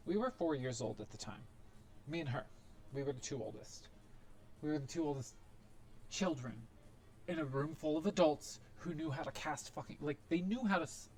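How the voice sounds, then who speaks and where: A man's voice: fairly high pitch, darkish tone. Blunt, profane man with a raised voice. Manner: blunt, profane and rambling, with frequent fillers and asides. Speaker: video creator telling a personal story. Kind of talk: casual monologue to camera.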